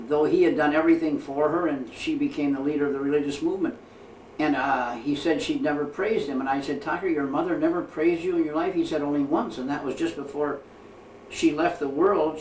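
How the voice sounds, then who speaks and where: A man recounting memories of his time with his guru in a measured storytelling way, quoting conversations and pausing often with "uh". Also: fairly high pitch, darkish tone, far from the mic. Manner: measured storytelling, quoting dialogue, frequent pauses with "uh". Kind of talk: reflective spoken memoir. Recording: echoey room, voice from off the mic, faint ambient noise.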